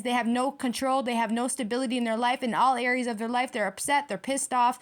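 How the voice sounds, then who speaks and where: A woman's voice: fairly high pitch, steady tone, quick pace, few pauses. A woman giving a tarot reading to her viewers, ranting in a heated, profane and repetitive way. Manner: addresses viewers directly. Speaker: tarot reader.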